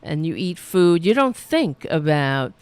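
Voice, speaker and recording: A woman's voice: deep voice, big pitch swings, a little slow, darkish tone, clean tone, no room sound. A woman hosting a political livestream, rambling casually with many fillers while losing her voice. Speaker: host of a political livestream show.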